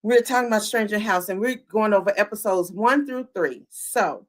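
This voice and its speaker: A woman hosting a live-streamed recap, chatting straight to her viewers. Her pitch sits in an ordinary middle range, and she throws herself into retelling each scene. She keeps asking the chat what they think. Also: normal speed. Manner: animated, talks to the chat, acts out quotes. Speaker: podcast host.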